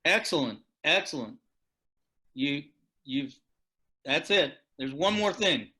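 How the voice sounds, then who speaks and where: A man's voice: fairly high pitch, animated, takes it slowly, bright, forceful tone. A man giving a lecture on leadership, telling stories and praising audience answers. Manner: storytelling and encouraging.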